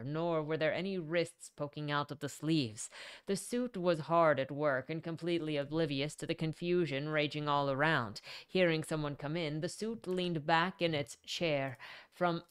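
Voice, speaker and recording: A woman reading a novel aloud in an animated, casual way, stopping to correct her own slips. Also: low-pitched, smooth. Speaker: reader.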